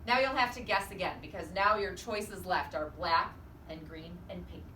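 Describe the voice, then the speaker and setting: A woman preschool teacher reading a storybook aloud and leading a guessing game in an animated, encouraging, singsong way. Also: fairly low pitch, moderate pace, distant mic. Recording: echoey room, off-mic, faint hiss.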